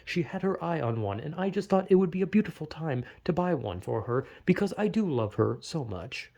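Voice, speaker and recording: A man putting on the voice of a stiff, robotic, overly polite ordinary man who talks in flat, stilted, formal sentences. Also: a little high, fairly quick, vocal fry, full character voice.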